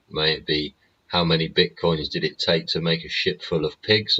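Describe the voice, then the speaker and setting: A man's voice: a bass voice, sharp tone, slightly rough, highs cut off. A man hosting his show in a casual, sweary, rambling monologue, laughing often. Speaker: show host. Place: home studio.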